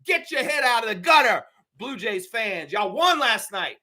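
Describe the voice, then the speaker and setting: A man's voice: extremely high pitch, moderate pace. A man hosting a live fan show, ranting with lots of swearing and mocking impressions of other fans. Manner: profane, animated ranting with mocking put-on voices. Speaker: sports podcast host.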